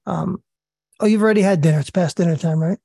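Halting New Jersey man leading prayer. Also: sits high, vocal fry, mellow, no room sound. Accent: New York-New Jersey. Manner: halting, with many fillers; prays slowly. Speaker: prayer call host. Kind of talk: casual chat and spoken prayer. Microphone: video call.

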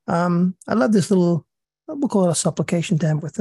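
A man from New Jersey with a New York-New Jersey accent, hosting a video call. He talks haltingly with many fillers and prays slowly. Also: high-pitched, lively intonation, creaky, warm tone, slightly rough, no echo. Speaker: prayer call host. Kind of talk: casual chat and spoken prayer.

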